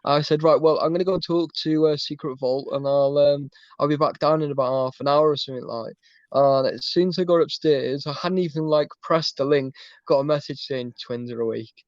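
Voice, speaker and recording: A man's voice: fairly high pitch, fairly quick, no room sound, highs cut off. A man in casual chat on a stream, rambling and calling everyone mate.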